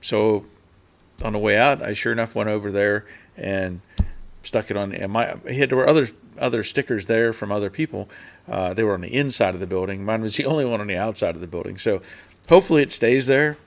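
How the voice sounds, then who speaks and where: Rambling low-voiced man hosting a live stream. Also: brisk, creaky. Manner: rambling, with fillers and restarts; reads out viewer chat comments. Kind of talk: casual live-stream chat.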